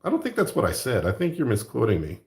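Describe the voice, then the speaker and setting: Rambling, gravelly-voiced man. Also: medium pitch, wildly swooping pitch, quick pace, roomy sound. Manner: rambling, self-mocking, jokey. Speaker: art channel host. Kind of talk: casual chat while crafting.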